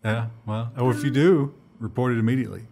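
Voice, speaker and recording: A man co-hosting a tech news show, joking and loose in how he talks. His voice sits at an everyday pitch, and he drops sarcastic asides into the chat. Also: fairly even intonation, quick pace, gravelly, darkish tone.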